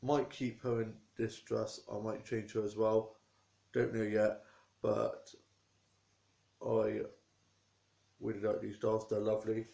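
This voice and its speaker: A talkative young man tells his day to camera in loose, rambling chat. His voice stays flat in pitch and has a gravelly creak. The sound bounces around an echoey room at home. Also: takes it slowly, pauses often, highs cut off. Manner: rambling and chatty, with small restarts. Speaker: vlogger. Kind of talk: casual chatty storytelling to camera.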